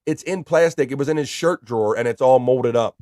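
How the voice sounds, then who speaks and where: A man's voice: medium pitch, brisk, dark tone, no room sound, clean studio sound. A man hosting a live stream in casual chat, reading viewer messages aloud in an upbeat, chatty way.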